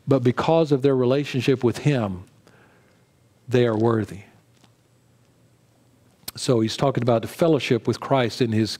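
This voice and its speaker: A male pastor giving a sermon in a conversational style, with frequent fillers, restarts and quick asides to the congregation. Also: medium pitch, darkish tone.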